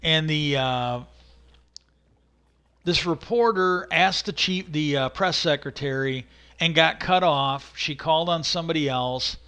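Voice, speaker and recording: Bright-voiced man telling a rambling story. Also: a little high, a little slow, smooth. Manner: meandering, acts out quoted voices animatedly. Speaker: livestream host.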